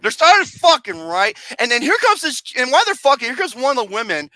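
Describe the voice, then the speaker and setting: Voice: sits high, sing-song, fairly quick, pushed and bright, no room sound. A film reviewer ranting profanely and acting out scenes with mock wails and singing.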